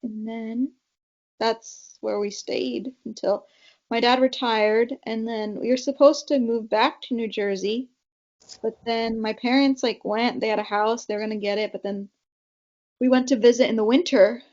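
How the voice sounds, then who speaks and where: Fairly even intonation and a measured pace mark this slightly high, somewhat mellow female voice. She's a young Californian guesting on a podcast, casually recounting family tales with many fillers and her parents' quoted words, recorded in dull lo-fi sound.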